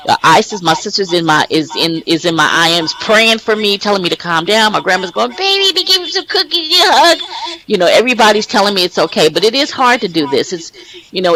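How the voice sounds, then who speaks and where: Gravelly, bright-voiced talk show host man. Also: a little high, poor audio. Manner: rambling, heartfelt, frequent restarts. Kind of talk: casual talk show address. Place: online virtual-world voice chat.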